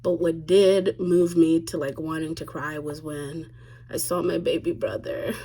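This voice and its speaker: A woman's voice: sits low, unhurried, husky. Candid, blunt young woman vlogger. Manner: candid and blunt, swears freely, animated quoted asides. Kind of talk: casual confessional storytelling.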